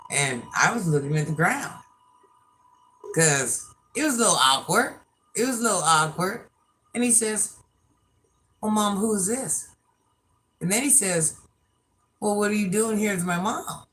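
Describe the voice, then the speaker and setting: A woman in her fifties hosts a casual livestream chat, telling stories to her viewers and laughing at herself. Her deep voice is a bit bright, with a little hiss or hum in the audio.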